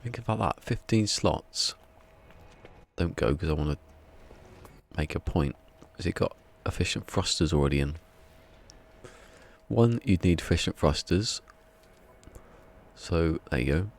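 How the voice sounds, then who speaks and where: A man with a very deep, gravelly voice talks through a live game stream. His chat is rambling and wry, and he keeps slipping into mumbled asides to himself, with creak running through the low end. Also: lively intonation, measured pace, pauses often, slight background noise.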